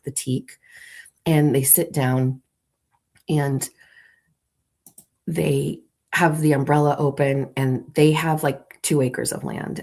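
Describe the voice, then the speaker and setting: Woman, very low voice, morning show host, playful, theatrical comic storyteller. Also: dark tone. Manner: playful, theatrical, leads listeners through an imagined scene. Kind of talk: comic storytelling to a live audience.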